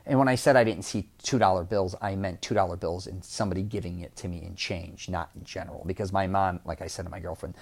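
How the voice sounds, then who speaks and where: A man from Chicago with a Chicago accent, hosting a podcast and telling a personal story in a casual, animated way, repeating words for emphasis. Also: deep voice, fast, creaky, few pauses. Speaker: podcast host.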